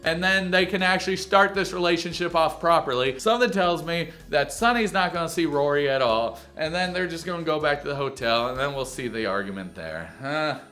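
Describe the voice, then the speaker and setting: A man hosting a comedic reality TV recap, talking in an animated, crude, joking way. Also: a little high, brisk, hardly any pauses. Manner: animated, crude jokes, mocking impressions.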